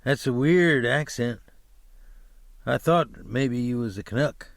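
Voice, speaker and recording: A man's voice: mid-range voice, takes it slowly, gravelly, no echo, clean studio sound. A male audiobook narrator voicing a wild, profane hippie bus driver who rambles crudely and keeps pressing his point. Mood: insistent. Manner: crude, swearing, rambling and insistent. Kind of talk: audiobook character voice.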